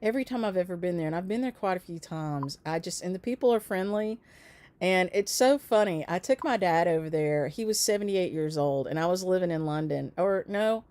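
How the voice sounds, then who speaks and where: Chatty lady hosting a stitching livestream, kinda low voice, rambles and laughs a lot. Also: expressive, a little fast, darkish tone. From United States. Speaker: host of a stitchery shop livestream. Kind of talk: casual chat.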